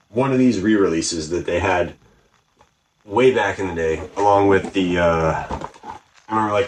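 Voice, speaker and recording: A man casually showing off a toy haul on his vlog, rambling and excited, often correcting himself. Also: lowish voice, a little hiss or hum, poor audio. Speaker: toy collector vlogger.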